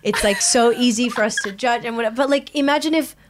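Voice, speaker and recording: A woman's voice: a little high, quick pace, background noise. A young woman co-hosting a podcast, gushing and rambling in casual chat with many fillers. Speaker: podcast co-host.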